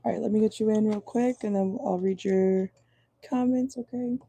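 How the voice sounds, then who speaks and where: Hoarse chatty woman with a gravelly voice. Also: medium pitch, steady tone, normal speed, dark tone, dry recording. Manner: chatty, reads viewer comments aloud. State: hoarse, voice going out. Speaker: tarot reader. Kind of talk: casual live tarot reading. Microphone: phone or laptop in a car.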